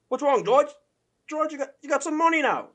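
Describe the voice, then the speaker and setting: A man doing an impression of a brash male fighter taunting a rival in a high, jeering voice. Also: a little mellow, full character voice.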